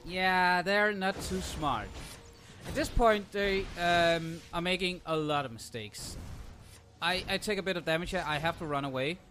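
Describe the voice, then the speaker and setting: A man's voice: high voice, a little slow, pushed and bright, a little hiss or hum. A young man commenting casually on his own gameplay, sarcastic and ranting, swearing freely.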